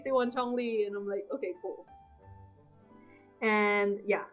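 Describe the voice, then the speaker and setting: A young woman rambling through casual gameplay commentary, excitable and laughing often. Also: mid-range voice, a little slow. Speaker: gaming youtuber. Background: game music.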